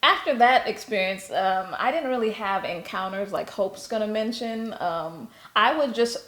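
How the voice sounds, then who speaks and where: A woman who teaches history, calmly explaining her views as a guest in a casual conversation. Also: medium pitch, normal speed. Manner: calm, explanatory, uses teaching comparisons. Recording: echoey room.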